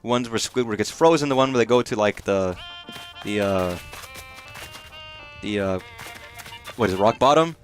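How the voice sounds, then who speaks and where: A man's voice: fairly low pitch, faint music behind. A man livestreaming a game in casual commentary, swearing freely and rambling into mock rants at the characters on screen. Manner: profane, rambling, quick to rant at on-screen characters.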